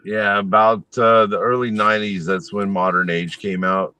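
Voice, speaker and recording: A man's voice: on the low side, flat delivery, moderate pace, pushed and bright, clean tone. A man co-hosting a casual chat, mostly adding short, agreeable comments. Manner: brief, agreeable interjections.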